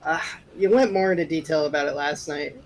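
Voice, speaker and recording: A man co-hosting a podcast who cuts in with teasing jokes and quick remarks. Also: a little high, poor audio. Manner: teasing, joking interjections. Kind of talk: casual chat.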